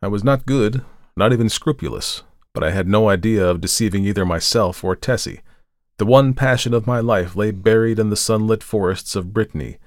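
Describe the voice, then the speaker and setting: A man's voice: on the low side, dry recording, clean studio sound. A man hosting a podcast, reading a story aloud dramatically and raising his voice for the quoted dialogue. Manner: lifts his voice for quoted speech, slows for tense moments. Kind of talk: dramatic audiobook narration.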